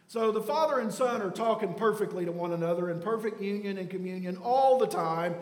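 A man preaching a sermon as pastor, emphatic, swinging between loud declarations and hushed lines. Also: high-pitched, a little fast, few pauses. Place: church sanctuary. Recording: echoey church hall.

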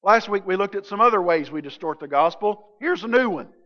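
A man preaching a sermon as pastor, animated, swinging from loud emphatic lines to quiet low ones. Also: a little fast. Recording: dull lo-fi sound with long hall reverb.

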